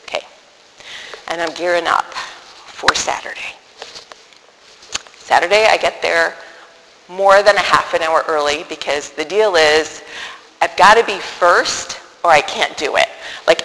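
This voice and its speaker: A woman tells a personal story in an animated, self-deprecating way, often breaking off and restarting mid-sentence. Her voice is bright and crisp with a gravelly edge, at a middle pitch. The sound has a long hall echo over faint background noise. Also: unhurried, long pauses.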